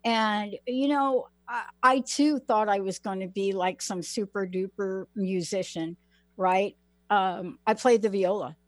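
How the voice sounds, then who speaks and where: A woman from the Bronx running an interview, drawing her guest out with encouraging, reflective questions. Her voice sits at a middling pitch and is recorded dry and close. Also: measured pace, no room sound. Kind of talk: conversational interview.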